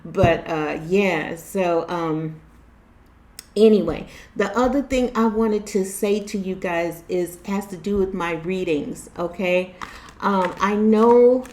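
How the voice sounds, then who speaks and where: A middle-aged woman hosting her own channel as a tarot reader, talking casually and candidly to her viewers, with lots of swearing, laughter and lively storytelling. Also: mid-range voice, slow. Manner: candid and profane, with animated storytelling and frequent laughs. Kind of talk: casual talk to camera.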